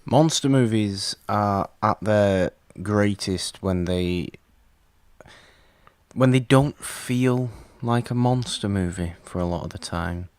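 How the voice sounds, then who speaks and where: A man's voice: on the low side, slow, a little mellow, clean tone, no room sound. A man co-hosting a casual movie podcast, teasing his friend in a dry way. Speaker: podcast co-host.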